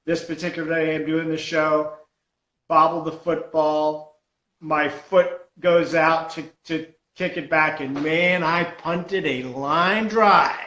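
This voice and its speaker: A man, a stunt comedian, telling a story in a lively, self-mocking way on a podcast. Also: on the high side, slow, roomy sound, highs cut off. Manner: animated storyteller, laughs at himself. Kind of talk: casual storytelling on a podcast call.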